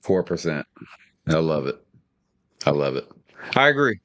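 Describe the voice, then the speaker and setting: A man's voice: rumbling low, very animated, unhurried, a bit bright. A man co-hosting a casual sports podcast, bantering in a laid-back, slangy way. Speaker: podcast co-host.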